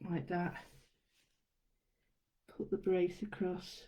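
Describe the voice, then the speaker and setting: A woman giving a casual drawing tutorial, chatting through each step as she works and often trailing off softly. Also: lowish voice, little pitch movement, slow, rough recording. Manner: chatty, narrates her own steps as she draws. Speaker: art tutor.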